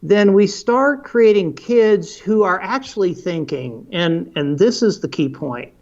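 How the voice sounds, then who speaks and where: A man's voice: high-pitched, animated, unhurried, a little mellow, dull audio. A middle-aged man, a parenting expert, telling earnest stories in a podcast interview and often repeating words for emphasis.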